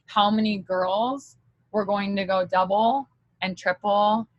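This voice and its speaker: A woman's voice: mid-range voice, fairly even intonation, takes it slowly, dry recording, muffled recording. A woman giving a candid motivational talk as a direct-sales team leader, chatty and full of fillers.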